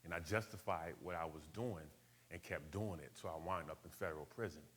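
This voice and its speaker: A man from Buffalo, USA, speaks to a live audience as a motivational speaker. His voice sits on the low side, and he talks conversationally, checks in with the room and uses street slang. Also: a little fast, fairly bright tone, husky. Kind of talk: personal story told to a live audience.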